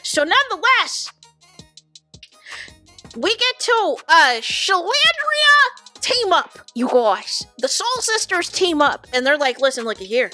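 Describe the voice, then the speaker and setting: A woman with a high, bright, ringing voice dishes on reality TV in casual reaction commentary. She retells drama with lively flair and speaks directly to her audience. Soft music plays faintly underneath. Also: takes it slowly. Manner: animated, dramatic retelling, addresses viewers as y'all.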